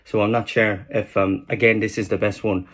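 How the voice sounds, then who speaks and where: A man putting on a Southern Irish accent to play an easygoing Irish man who talks fast and repeats words. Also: lowish voice, level tone, natural voice. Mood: breezy. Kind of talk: accent demonstration, improvised chat.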